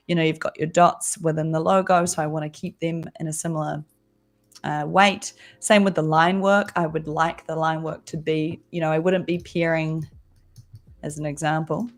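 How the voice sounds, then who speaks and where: A young woman designer chatting casually while she draws on a livestream, thinking aloud as she goes. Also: on the low side. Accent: Australian-sounding but not Australian. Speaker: designer guest.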